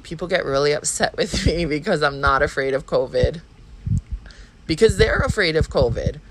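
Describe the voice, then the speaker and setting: A woman in her thirties with a Hawaiian Pidgin accent hosts a podcast, delivering a blunt, profane, rambling monologue. Her voice is low and animated at normal speed, with background noise behind it.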